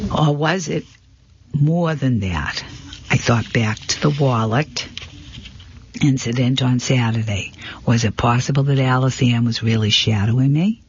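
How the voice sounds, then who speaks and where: A man narrating a first-person mystery novel as an audiobook, in a plain, steady storytelling voice with small slips. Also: medium pitch, breathy edge, no echo. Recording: dull lo-fi recording.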